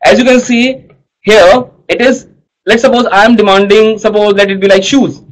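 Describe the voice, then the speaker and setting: A man's voice: high-pitched, steady tone, normal speed, low-quality recording. A man teaching an economics class online, coaxing students and often checking they understand.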